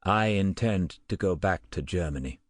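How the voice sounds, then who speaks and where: A resolute man speaks in a firm, deep voice, as a male narrator reads him. His words come dry and close in a storybook reading. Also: lively intonation, normal speed, no room sound. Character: resolute man set on a dangerous mission.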